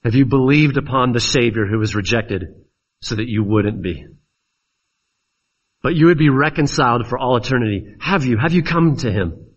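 A man's voice: medium pitch, normal speed. Earnest preacher man, lo-fi sermon. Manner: earnest, pleading questions to listeners.

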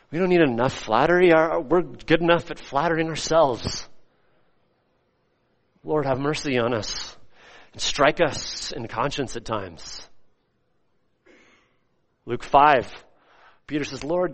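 A male pastor preaching a sermon, swinging between loud, rising emphasis and soft, hushed lines. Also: medium pitch, a little hiss or hum. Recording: long hall reverb.

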